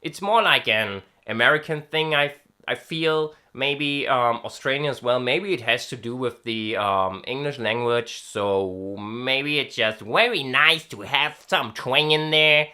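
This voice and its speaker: A man's voice: medium pitch, measured pace, few pauses, pushed and bright. A man from Europe talking casually and hesitantly about vocal technique, with many fillers, breaking into short sound demonstrations. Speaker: vocal student vlogger. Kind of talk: casual singing-lesson vlog.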